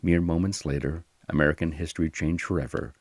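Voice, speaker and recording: A man narrating a history podcast in a measured, solemn scripted style. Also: rumbling low, fairly even intonation, no room sound, clean studio sound.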